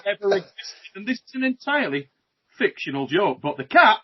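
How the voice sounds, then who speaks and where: A British man hosting a casual podcast, jokey and lively, reading out viewer questions over a video call. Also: sits high, brisk, husky. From Britain. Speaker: host. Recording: muffled video-call audio.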